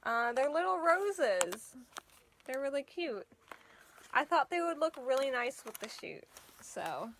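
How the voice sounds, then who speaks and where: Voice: high-pitched, sing-song, slow, a bit bright, a little hiss or hum. A cosplay vlogger talking casually at home while setting up a photoshoot, speech slightly slurred by costume fangs, tired from an early start and laughing often. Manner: chatty, laughs often, trails off. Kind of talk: casual vlog chat.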